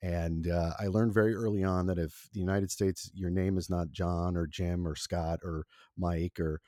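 Forties man, first language Italian; very low, mellow voice; rambling, self-deprecating storyteller. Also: flat delivery, moderate pace, dry recording, clean studio sound. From Italy. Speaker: former college radio producer. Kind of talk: relaxed interview conversation.

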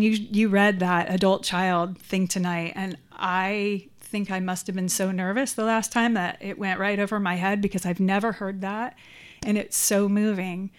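A woman's voice: medium pitch, smooth. A middle-aged woman giving a candid, reflective personal share at a support group meeting, with frequent ums. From San Francisco Bay Area. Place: meeting room.

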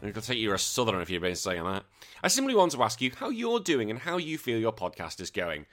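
A man's voice: fairly low pitch, wildly swooping pitch, fairly quick, fairly bright tone, faint music behind. A man with a British accent hosting a retro gaming podcast, rambling in a chatty, self-deprecating way. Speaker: podcast host. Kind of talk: casual podcast monologue.

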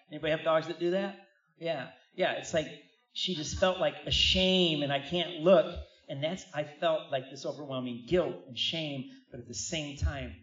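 A middle-aged man preaching a sermon, telling a personal story with lively asides to the congregation. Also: mid-range voice. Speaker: pastor. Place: church hall. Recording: roomy, distant, dull church recording.

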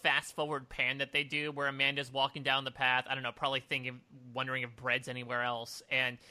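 A man's voice: medium pitch, completely flat delivery, fairly quick, sharp tone, no room sound. A man co-hosting a podcast in casual recap chat, with wry, playful asides. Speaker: podcast co-host.

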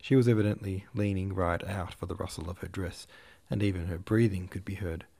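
A man reading a classic novel aloud as a podcast host, in a measured storytelling manner. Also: low-pitched, steady tone, warm tone. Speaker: audiobook reader and podcast host.

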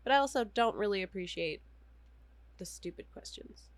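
A woman's voice: medium pitch, animated, moderate pace, dry recording. A woman co-hosting a podcast in casual chat, wry and playful, laughing often. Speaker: podcast co-host.

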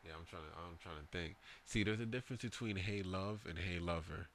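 Host type, very low voice, relaxed slangy chatter about records. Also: male voice, fairly quick, a little hiss or hum. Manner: laid-back, slangy, hesitant fillers. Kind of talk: casual music chat.

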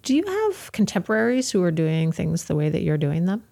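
Gravelly, dark-voiced woman interviewer. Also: on the low side, big pitch swings, fairly quick. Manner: brief, prompting questions. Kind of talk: interview questions.

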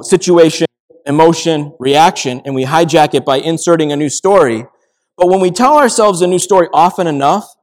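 A man preaching a sermon as pastor, telling everyday stories in a conversational way. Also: on the high side. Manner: conversational storytelling with acted quotes.

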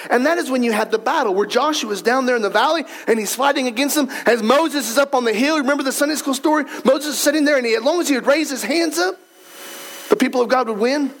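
A man pastor preaches a sermon with a markedly high voice for a man. He is emphatic and repeats key phrases. He drives points home with rhetorical questions. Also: fairly bright tone.

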